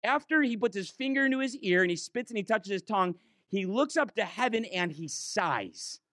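A man preaching a sermon in church, impassioned, swinging between quick urging runs and slow, drawn-out emphasis. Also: extremely high pitch, bright, forceful tone, no echo, studio quality.

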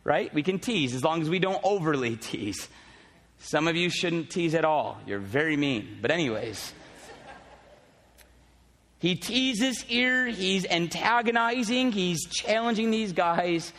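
A male pastor with a high, bright-sounding voice preaches in a conversational, animated way, slipping in teasing asides to his congregation. His voice carries a long reverb from the church hall. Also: a little slow. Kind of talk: sermon with casual asides.

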